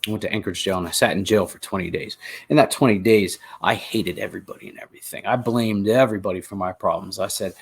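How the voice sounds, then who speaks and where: A man with a low, gravelly voice that turns husky at the edges. He narrates his own story in a confessional way, earnest and halting. He repeats words and restarts his sentences as he goes. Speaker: podcast host telling his recovery story.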